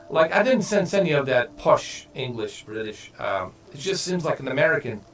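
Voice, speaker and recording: A man's voice: mid-range voice, sing-song, normal speed, hardly any pauses. A man chatting casually while streaming a game, rambling and swearing freely. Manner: rambling, profane, many fillers and restarts. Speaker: gaming streamer.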